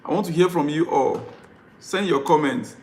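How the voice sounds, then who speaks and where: Exasperated high-voiced man in an echoey room. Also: normal speed, darkish tone. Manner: exasperated, repetitive pleading. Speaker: football fan vlogger. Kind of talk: live-stream rant.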